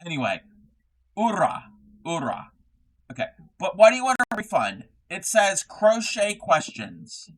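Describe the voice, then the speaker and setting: A man's voice: sits high, wildly swooping pitch, moderate pace, few pauses. A young man hosting a casual craft livestream, reading chat messages aloud and rambling with lots of fillers and restarts.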